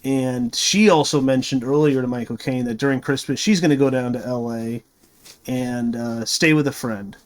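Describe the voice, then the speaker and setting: A man's voice: medium pitch, steady tone, normal speed. A man reviewing a movie, retelling the plot in a rambling, casual way full of fillers and restarts.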